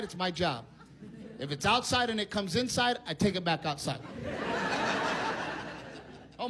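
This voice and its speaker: A middle-aged man doing a stand-up comedy routine, telling stories with animated delivery and yelling his punchlines. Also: sits high.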